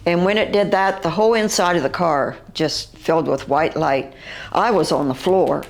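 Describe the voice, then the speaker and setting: Older woman, West Virginian accent, eyewitness account, halting and vivid, low-pitched, gravelly. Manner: halting, vivid storytelling with fillers and restarts. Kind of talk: recounting a personal encounter.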